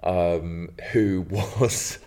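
A man with a very low, deep voice, chatting casually about films. He is relaxed and sweary and often laughs mid-sentence. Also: drawn-out words. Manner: laid-back, swears a lot, bursts into laughter. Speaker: podcast co-host. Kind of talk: casual chat.

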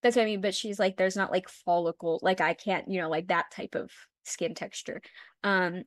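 A woman's voice: on the low side, steady tone, normal speed, no echo, clean studio sound. A young woman co-hosting a podcast, retelling a story in casual chat, full of "like" fillers and the odd swear word. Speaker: podcast co-host.

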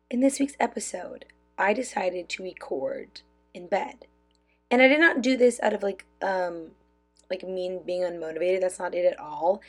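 A young adult woman hosts her own podcast, bubbly, loud and chatty, with lots of "like" fillers, as if recording a casual voice memo. Her voice is fairly low and husky, and she speaks into a phone fitted with a clip-on lav mic.

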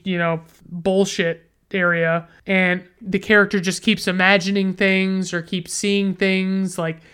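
A woman's voice: fairly low pitch, clean tone. A woman hosting a casual movie review show, rambling and restarting her sentences, blunt and swearing freely. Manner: rambling, frequent restarts and profanity, blunt opinions.

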